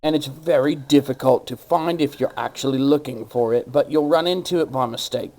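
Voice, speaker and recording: A man hosting an online commentary video, ranting in a sarcastic, mocking way with a put-on gravelly accent. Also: medium pitch, a little fast, darkish tone, rough recording.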